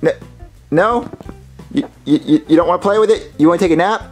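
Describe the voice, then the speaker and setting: A man doing a very high, timid, stammering boy. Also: fairly quick, faint music behind. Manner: stammering, timid, easily excited. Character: naive, nervous young boy cat owner. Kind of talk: puppet comedy acting.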